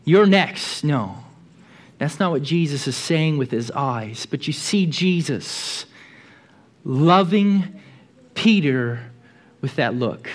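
A man's voice: fairly high pitch, expressive, slow pace, long pauses. A man preaching a sermon in a church, telling the story vividly and often repeating words as he goes.

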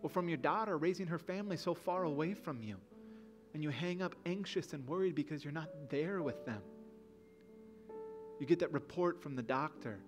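A man preaching a sermon as pastor in a church, earnest and building to emphatic passages. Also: on the high side. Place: church sanctuary.

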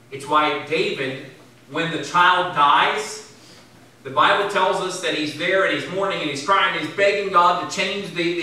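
A man preaching a sermon as pastor, swinging from loud emphatic bursts to low, quiet asides. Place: church sanctuary. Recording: very echoey church from far off.

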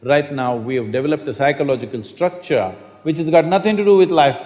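A man's voice: a little high, brisk, darkish tone. An older man giving a spiritual talk to an audience in a hall, telling stories and asking the audience questions. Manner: storytelling, asks the audience questions. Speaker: spiritual teacher.

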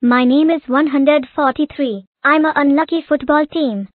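A woman voicing a bubbly female counting-block character with a flat announcing delivery. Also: high voice, moderate pace, dry recording, natural voice. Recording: tinny dry lo-fi audio.

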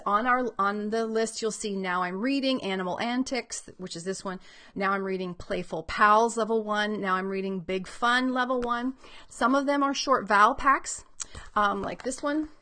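Woman educator, mid-pitched, upbeat and explanatory, teaching talk on children's readers, thinks aloud. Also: a bit bright. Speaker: reading educator.

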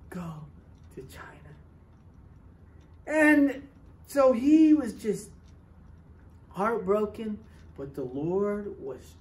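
A woman telling a missionary story to children at church, with animated and dramatic shifts in loudness. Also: mid-range voice, a little hiss or hum.

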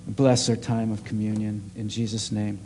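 A man's voice: on the low side, little pitch movement, normal speed, mellow, slight background noise. A man preaching a sermon as a pastor at a church service, earnest and emphatic.

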